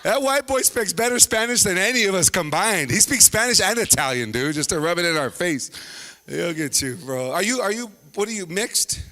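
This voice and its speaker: A man hosting a live stand-up show, teasing the audience and dropping into quick voices of the people he talks about. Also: sits high, lively intonation, bright, forceful tone. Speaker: stand-up comedian and host. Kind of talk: stand-up crowd work.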